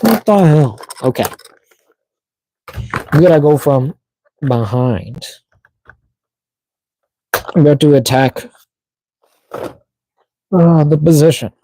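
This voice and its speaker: A man's voice: fairly high pitch, slow pace, long pauses, warm tone, slight background noise, rough recording. A man chatting casually to himself while unboxing toys on a live stream, muttering as he fiddles with the packaging. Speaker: toy collector streamer.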